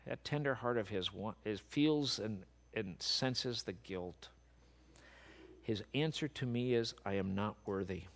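A man preaching a sermon, dropping to soft, low speech and then building to loud, emphatic peaks. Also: slow pace.

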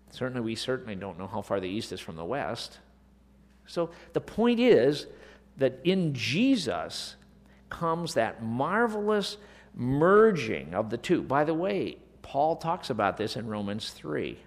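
A man preaching a sermon in a lively, rising and falling voice, with a middle pitch. He slips from quiet asides into slow, emphatic declarations. His words ring out with a long reverb, as in a large church hall. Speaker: pastor.

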